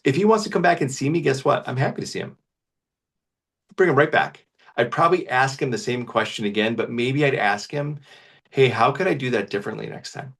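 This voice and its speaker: A man's voice: mid-range voice, far from the mic. A man who works as a family doctor, speaking earnestly and conversationally on a panel and telling stories from his practice. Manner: earnest, conversational, animated storytelling. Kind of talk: panel discussion.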